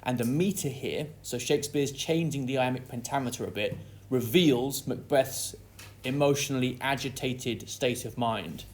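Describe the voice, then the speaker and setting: Speaking at a moderate pace and medium pitch, this male English literature teacher breaks down a play for his class. Each quotation gets a dramatic reading before he unpacks it.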